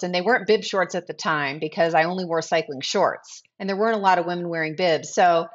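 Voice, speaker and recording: Brief: woman in her 40s, chatty storyteller guest, acts out quotes, slightly dull lo-fi audio. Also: lowish voice. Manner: animated, acts out quoted dialogue. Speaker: guest, brand founder. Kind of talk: casual storytelling interview.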